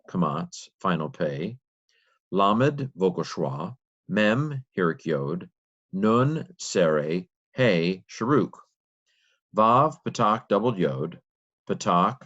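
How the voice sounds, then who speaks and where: A man with a very low voice reads a text aloud letter by letter, pausing often to think aloud. He talks slowly and haltingly, like a teacher working through it live. The recording sounds dull and lo-fi.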